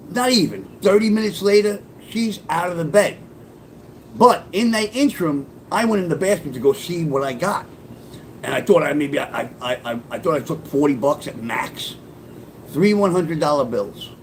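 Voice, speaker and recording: Profane, animated man telling a story. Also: fairly high pitch, moderate pace, slight background noise, poor audio. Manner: profane, animated, acts out quoted voices. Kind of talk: casual spoken memoir storytelling.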